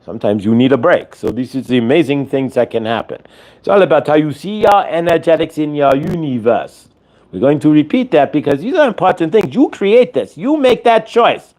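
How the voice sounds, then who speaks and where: A man's voice: a little high, animated, fairly quick, darkish tone. Man giving a channeled spiritual talk. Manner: speaks as a collective "we", repetitive and instructive. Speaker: spiritual channel and show host.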